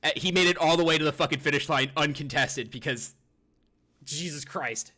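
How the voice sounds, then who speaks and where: A male streamer with a bright, forceful tone, chatting loosely with his viewers. He rambles, swears freely and mutters to himself while he searches for things, in the casual talk of a live stream. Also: on the high side, moderate pace. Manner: rambling, profane, talks to himself while browsing.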